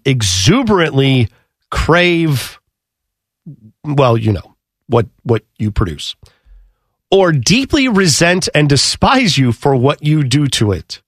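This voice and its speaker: A high-voiced man co-hosting a sports radio talk show, bantering playfully and bursting into squeaky put-on voices. His pitch leaps around constantly, and the studio sound is dry and close. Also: dry recording. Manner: animated, jumps into squealing high voices for bits. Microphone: studio microphone.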